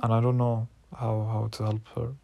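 A man's voice: lowish voice, completely flat delivery, normal speed, gravelly, no echo, narrow, tinny audio. A man in his twenties talking frankly and emotionally in a personal diary vlog, swearing freely when worked up. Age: 20s. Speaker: vlogger.

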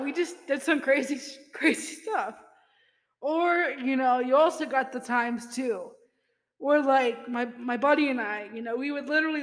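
A woman's voice: high voice, big-room sound. A young woman telling casual stories in a chatty way, laughing often and using lots of fillers. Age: young adult. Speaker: podcast host. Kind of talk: casual storytelling monologue.

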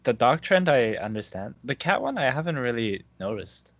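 A man in a casual chat, animated and jumping up in pitch for emphasis. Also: normal speed, no echo. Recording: dull lo-fi recording.

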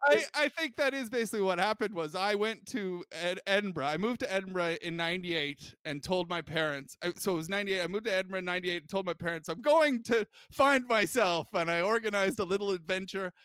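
A male podcast co-host with a high, bright voice, recorded dry and close with almost no room sound. He tells laid-back, joking stories in casual chat. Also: fast, hardly any pauses, clean tone, dry recording.

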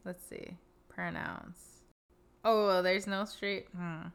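A woman's voice: lowish voice, sing-song, slow pace, creaky, a bit bright, clean tone. Woman, young adult, podcast co-host, casual chat, giggly, self-deprecating, clean resonant voice.

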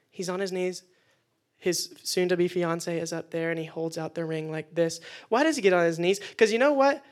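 A man preaching a casual youth sermon indoors to listeners, energetic and conversational with jokes. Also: sits high. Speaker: youth pastor. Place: indoor meeting room with listeners.

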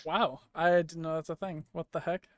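A woman's voice: low-pitched, steady tone, a little fast, dry recording, studio quality. A woman co-hosting a casual streamed podcast, chatty and giggling through her anecdotes. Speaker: podcast co-host.

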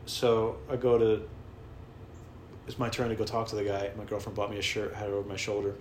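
A man's voice: lowish voice, flat delivery, a little fast, slight background noise. A man telling a rambling, profane, self-deprecating story in a casual vlog. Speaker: vlogger. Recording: roomy with faint ambience.

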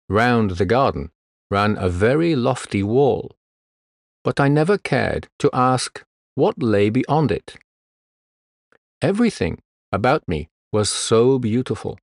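A man voicing the statue of a dead prince, a gentle male spirit, in a storybook reading, speaking in a slow, solemn, mournful way. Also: on the low side, no room sound, clean studio sound.

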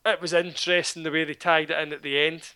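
A man's voice: on the high side, fast talker, clean tone. A Scottish man retelling a film plot in casual chat, sardonic and swearing freely. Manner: sardonic, swearing, animated storytelling.

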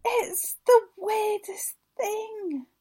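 High-voiced chatty woman. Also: drawn-out words. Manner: chatty, animated storytelling. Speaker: podcast co-host. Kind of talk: casual chat.

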